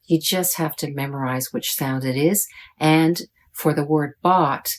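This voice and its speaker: Slow, low-voiced woman teaching pronunciation. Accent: American. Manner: deliberate, modeling sounds for learners. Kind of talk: slow, careful pronunciation lesson.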